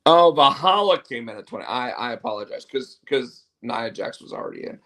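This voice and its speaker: A man's voice: medium pitch, lively intonation, fairly quick, vocal fry, fairly bright tone. A man hosting a show, chatting casually in a rambling, opinionated way. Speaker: show host. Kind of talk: casual wrestling chat.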